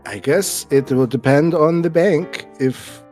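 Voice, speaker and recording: A man's voice: fairly high pitch, takes it slowly, a little mellow, faint music behind, voice pushed up. A man voicing a rich, stubborn foreign man set on buying a farm, self-assured and matter-of-fact.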